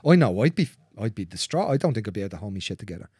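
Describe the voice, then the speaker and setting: Man, mellow low voice, earnest, swears, sometimes near a whisper, dry close sound. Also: sing-song, rapid-fire, breathy edge, dry recording. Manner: earnest, repetitive, swears freely. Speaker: guest. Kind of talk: candid conversation.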